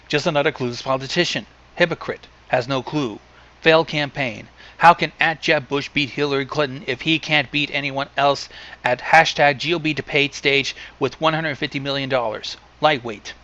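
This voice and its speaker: A man reading a long list aloud in a plain deadpan way, adding dry asides now and then. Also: on the high side, muffled recording. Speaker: reader.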